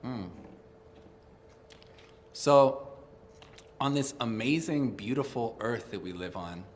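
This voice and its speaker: A man hosting an interactive children's music session at home, gently encouraging the kids to move along. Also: mid-range voice, lively intonation, unhurried, in a large hall, a little hiss or hum. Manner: upbeat, gentle, encouraging, addresses kids directly. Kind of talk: interactive kids' music session, talking and singing. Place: indoors, streamed at home.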